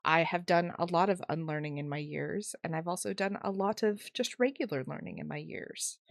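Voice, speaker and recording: A woman's voice: fairly low pitch, moderate pace, creaky, no room sound, clean studio sound. A woman co-hosting a podcast in casual chat, playful and self-mocking, laughing often. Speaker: podcast co-host.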